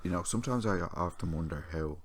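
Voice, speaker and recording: A man's voice: sits low, fast, a little hiss or hum. An English man in his forties co-hosting a podcast, rambling and self-mocking in casual chat. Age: 40s. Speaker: podcast co-host.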